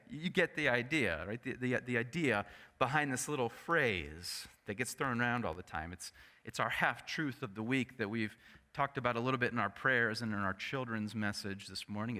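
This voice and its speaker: A male pastor preaching a sermon in an animated storytelling manner, often turning to the congregation with asides. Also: mid-range voice, normal speed. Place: church sanctuary. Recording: echoey church sanctuary.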